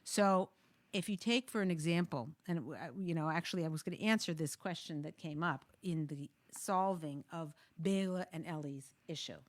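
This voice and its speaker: A woman's voice: deep voice, moderate pace, no echo. A woman hosting a talk show, giving marriage advice in a jokey, thinking-aloud way with many restarts.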